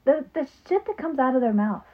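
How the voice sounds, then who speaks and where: A woman co-hosting a casual podcast with her sister, chatty and quick to laugh, with plenty of ums. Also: high voice, sing-song. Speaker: podcast co-host. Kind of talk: casual chat. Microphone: phone. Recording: phone-like narrow sound.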